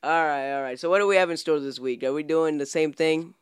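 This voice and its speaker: A man's voice: on the high side, fairly quick, smooth, no echo, studio quality. A man co-hosting a casual podcast, bantering loosely and laughing often. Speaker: podcast co-host. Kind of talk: casual chat.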